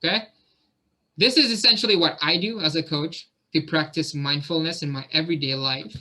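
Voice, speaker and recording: A man's voice: fairly high pitch, brisk, sharp tone. A man coaching a group on a video call, talking in an encouraging, conversational way. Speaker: fitness coach.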